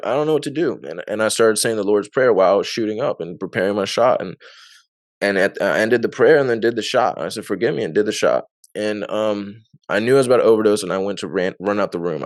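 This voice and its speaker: Low-voiced man telling his story. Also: no echo, clean studio sound. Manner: rambling with frequent fillers; laughs often. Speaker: interview guest. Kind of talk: casual testimony.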